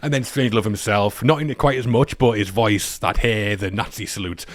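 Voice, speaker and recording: A man co-hosting a film podcast, talking through scenes in a measured, analytical way. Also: on the low side, fairly even intonation, dry recording. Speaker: podcast co-host. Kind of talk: casual film discussion.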